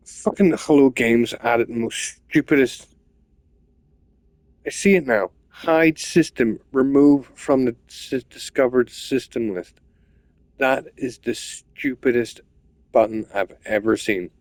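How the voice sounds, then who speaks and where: A man's voice: mid-range voice, takes it slowly, a little mellow, no echo. A man ranting and swearing as he comments on his own gameplay, repeating himself in frustration. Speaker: gamer.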